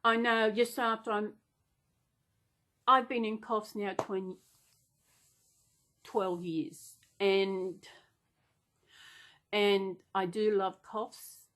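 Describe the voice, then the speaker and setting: A woman's voice: mid-range voice, steady tone, extremely slow, long pauses, a bit bright. A woman chatting casually and unplanned in a vlog, rambling and gushing with gasps and restarts. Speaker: vlogger.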